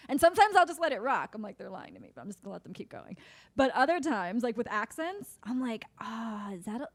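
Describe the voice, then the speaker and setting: A woman guest on a casual podcast, speaking bluntly and swearing freely, with frequent laughter. Her voice sits somewhat high for a woman. The recording is dry and close. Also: very animated, quick pace, no room sound. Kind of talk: casual chat.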